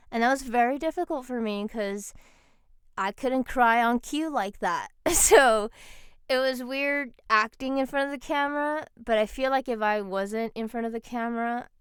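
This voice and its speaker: A woman, a voice actor, answering interview questions in a thoughtful, soft-spoken way. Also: on the high side, smooth, no echo, studio quality.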